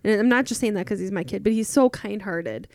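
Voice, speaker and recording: A woman's voice: medium pitch, brisk, vocal fry, no room sound, clean studio sound. A woman in her thirties chatting on a podcast, telling a family story and acting out the people in it. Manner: animated storyteller, acts out quotes. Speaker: podcast guest, mother. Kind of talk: casual chat, storytelling.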